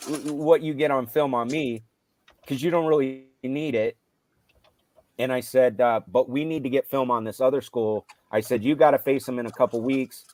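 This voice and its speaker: A middle-aged man, a football coach, casually retelling stories from his games, getting loud and animated when he quotes himself. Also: mid-range voice, a little hiss or hum. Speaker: high school football coach. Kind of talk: casual storytelling on a live show.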